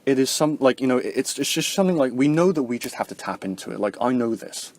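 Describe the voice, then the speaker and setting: A man's voice: mid-range voice, fast talker. A young man vlogging in a casual, rambling way, with constant filler words and frequent swearing. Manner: rambling, heavy filler words, profane, animated quoting.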